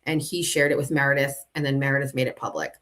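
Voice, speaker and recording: A woman host telling a personal story and reading out a text exchange in a plain, even way without doing voices. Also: extremely low pitch, quick pace. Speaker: show host.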